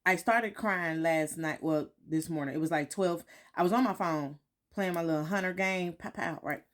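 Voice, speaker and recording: A woman's voice: lowish voice, moderate pace. A woman vlogging at home in a candid, reflective way, often repeating herself and checking in with "right?". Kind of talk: casual reflective talk to followers. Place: home, morning.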